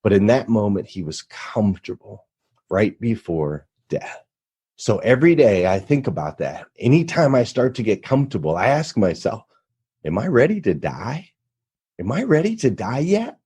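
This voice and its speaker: A man's voice: lowish voice, very animated, moderate pace, dark tone, husky. A man telling a personal story as a podcast guest, earnest and motivational, building to emphatic points. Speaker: radio show host, podcast guest.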